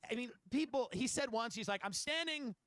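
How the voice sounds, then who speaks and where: A man, a guest on a podcast, telling a story in casual chat, animated and laughing as he goes. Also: very high-pitched, brisk, no echo.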